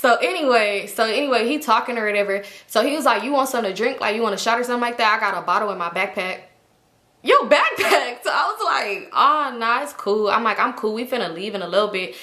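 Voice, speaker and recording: A woman's voice: medium pitch, echoey room. A young woman, telling a wild night story casually, acting out the people she quotes. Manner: fast, animated retelling with quoted voices. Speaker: vlogger.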